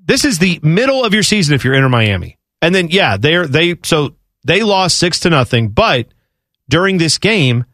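A man hosting casual sports talk who rants with an animated delivery and frequent restarts. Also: on the high side, normal speed, no echo, clean studio sound. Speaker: sports radio host.

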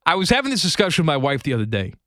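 A man's voice: on the high side, huge pitch swings, fairly bright tone, no echo, clean studio sound. A man hosting a radio show, running the segment in casual banter with his co-host. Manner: runs the segment, quick back-and-forth.

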